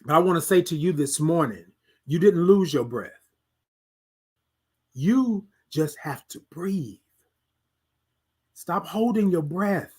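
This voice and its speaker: A man hosts a motivational talk in a high, husky voice. He repeats his lines like a preacher and slips into quiet, murmured self-talk. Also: expressive, slow pace, pauses often. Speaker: podcast host.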